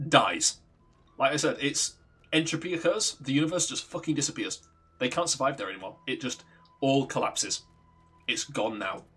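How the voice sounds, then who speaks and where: A man's voice: mid-range voice, a bit bright, breathy edge. A man streaming a video game, chatting loosely and swearing freely as he rambles and corrects himself. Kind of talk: casual chat while playing a game.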